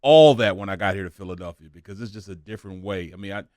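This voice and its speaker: A man raised in St. Louis, co-hosting a sports talk show in a loose, chatty way and quick to laugh. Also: low-pitched, a little mellow, clear, resonant tone, no echo, clean studio sound. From St. Louis, USA. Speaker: sports radio co-host.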